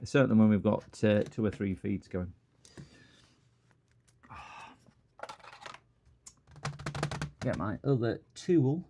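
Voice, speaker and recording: A man's voice: on the low side, drawn-out words, gravelly, long pauses, noisy background. A middle-aged man, chatting casually and joking with viewers as he hosts a repair livestream. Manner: jokey, rambling, answers chat comments.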